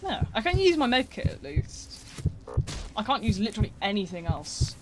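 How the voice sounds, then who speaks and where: A man's voice: high-pitched, normal speed, music in the background. A man streaming a game live, chatting casually with his chat, swearing and laughing easily as he plays. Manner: casual, excitable, swears and laughs often while reading chat. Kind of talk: live gameplay commentary. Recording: noisy with mouse and key clicks.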